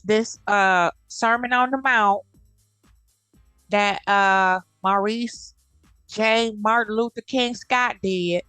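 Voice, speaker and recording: A woman's voice: a little high, steady tone, very slow, fairly bright tone, smooth, no echo, soft background music. A woman giving blunt, heated commentary in a casual vlog, cursing freely. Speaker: commentary vlogger.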